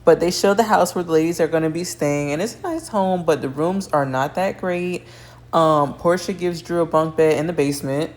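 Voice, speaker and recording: A young woman hosting a casual reality TV recap, talking chattily to her viewers with plenty of fillers and gossipy asides. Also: low-pitched.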